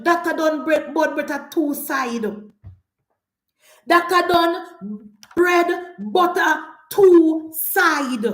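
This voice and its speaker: A Jamaican woman delivers a fiery political rant on a live stream, scolding and shouting as she repeats her points. Her voice sits very high, and the room gives it a noticeable echo. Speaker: political commentator.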